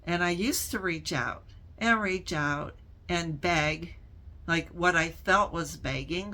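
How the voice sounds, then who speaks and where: Slow, deliberate woman host, bright tone. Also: fairly low pitch. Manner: slow, deliberate and reflective, pausing often between phrases. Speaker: channel host answering viewer questions. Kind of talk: casual Q&A talk to camera.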